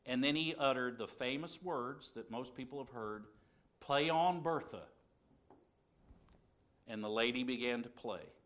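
A man's voice: mid-range voice, steady tone, normal speed, few pauses, fairly bright tone. A man teaching a Bible class, reasoning aloud earnestly and asking rhetorical questions. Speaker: preacher.

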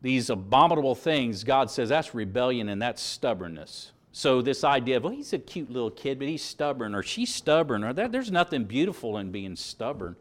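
Animated man preaching a sermon. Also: medium pitch, moderate pace, few pauses. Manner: animated preaching, reads verses aloud with rising emphasis. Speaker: pastor. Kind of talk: sermon with scripture reading.

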